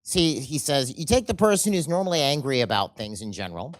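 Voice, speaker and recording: A presenter leading a sales seminar in a relaxed, chatty way, stopping often to ask the room questions and drift into side stories. The voice sits at an ordinary middle pitch. The recording is close and dry. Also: dry recording. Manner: casual, asks the audience questions, tells anecdotes. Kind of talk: conversational seminar lecture.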